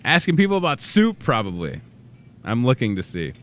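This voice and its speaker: A thirty-something male host talks at a normal speed in a medium-pitched voice. He's running a live in-store talk show on a grocery store set, animated, cracking jokes and rambling off into asides.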